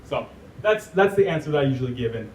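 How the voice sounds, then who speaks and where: Brief: high-voiced American man, chatty and joking, heard from a distance in an echoey hall. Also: animated, quick pace, darkish tone. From United States. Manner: laughs often, chatty and joking. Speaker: guest speaker. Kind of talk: live talk to an audience. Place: event hall. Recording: echoey room, distant mic, faint noise.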